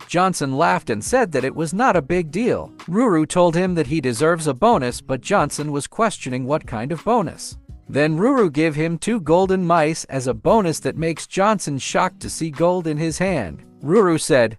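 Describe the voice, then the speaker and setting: Man, comic recap narrator, animated storytelling, faint background music. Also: fairly high pitch, moderate pace.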